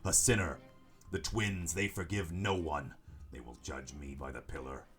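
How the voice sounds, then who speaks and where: A man's voice: a bass voice, steady tone, soft background music. A man voicing a mad old grandfather. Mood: menacing. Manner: slow, brooding, menacing. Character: old nobleman grandfather, zealous and going mad.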